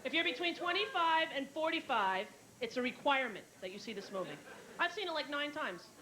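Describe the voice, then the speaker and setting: A woman doing a stand-up comedy set, telling stories quickly and in an animated way, with squealed character voices. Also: high voice. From New York. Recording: live show with noisy room ambience.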